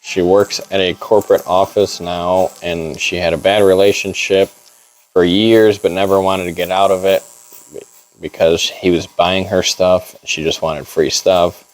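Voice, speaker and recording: Low-voiced man rambling through a story. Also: flat delivery, unhurried, rough recording. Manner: rambling, laid-back, heavy on "like". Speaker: client telling a story. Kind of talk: casual storytelling. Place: barbershop.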